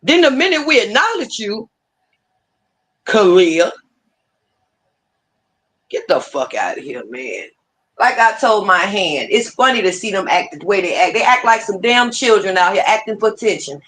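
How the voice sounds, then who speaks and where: A woman's voice: mid-range voice, very animated, moderate pace, pauses often, a bit bright. A woman hosting a livestream, ranting casually with heated, profane, repetitive talk. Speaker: livestream host.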